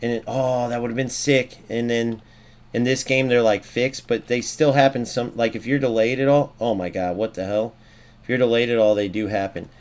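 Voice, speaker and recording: Excitable man ranting over gameplay. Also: mid-range voice, normal speed. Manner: excitable, swears, rants at the game. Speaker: gaming streamer. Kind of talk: live gameplay commentary.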